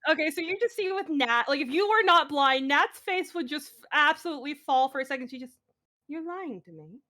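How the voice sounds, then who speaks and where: Give me a high, giggly woman player. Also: fast, pushed and bright. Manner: giggly, rambling explanations. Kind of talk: casual tabletop play.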